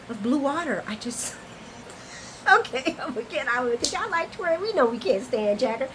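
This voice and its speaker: Lively high-voiced woman recap host. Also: a little fast, noisy background. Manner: chatty, animated, playful asides, addresses viewers as y'all. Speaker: soap opera recap host. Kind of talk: casual chat to camera.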